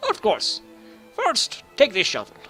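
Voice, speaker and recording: A man's voice: fairly high pitch, sing-song, moderate pace, pushed and bright, soft background music, heavily acted. Man putting on a pompous dwarf. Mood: haughty. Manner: pompous, theatrical, with a slipping put-on accent. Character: gruff intolerant male dwarf graveyard keeper.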